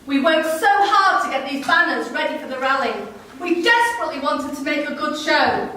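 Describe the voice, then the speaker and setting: A woman's voice: high-pitched, animated, moderate pace, sharp tone. A woman playing a proud woman marcher, far off. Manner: earnest first-person telling. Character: working woman marcher, proud then wounded. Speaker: narrating character. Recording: very echoey, distant mic.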